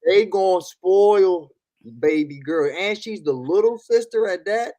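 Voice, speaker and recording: A man's voice: high-pitched, a little slow, dark tone, no room sound. A man, a guest on a casual livestream chat, speaking frankly and telling stories about family. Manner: frank, storytelling.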